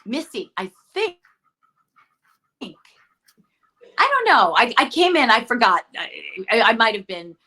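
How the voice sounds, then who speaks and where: A middle-aged actress guest telling stories in a chatty interview, often correcting herself mid-sentence. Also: female voice, on the high side, huge pitch swings, measured pace, pauses often, sharp tone. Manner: chatty, storytelling, self-correcting. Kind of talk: casual interview chat.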